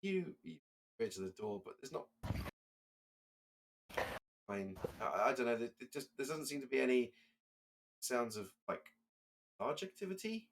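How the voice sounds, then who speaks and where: A man narrating as game master, in a loose, halting way with fillers and restarts. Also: medium pitch, very animated, slight background noise.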